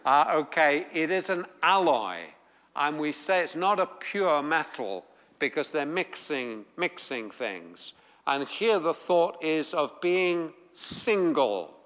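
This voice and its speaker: A man with an English accent, from England, teaching a Bible class, reading scripture aloud and explaining it in a deliberate way. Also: on the high side, animated, fairly bright tone, big-room sound.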